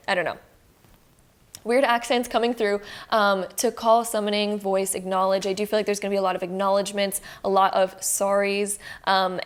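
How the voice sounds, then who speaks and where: Young Canadian woman, tarot reader, casual reassuring ramble with many fillers. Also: mid-range voice. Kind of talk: casual tarot reading to camera.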